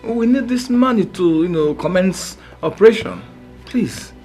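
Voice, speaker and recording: Curt Nigerian doctor; firm, matter-of-fact. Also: male voice, high voice, lively intonation, unhurried, darkish tone, soft background music. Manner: businesslike, firm. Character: curt hospital doctor, man. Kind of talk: Nollywood film acting.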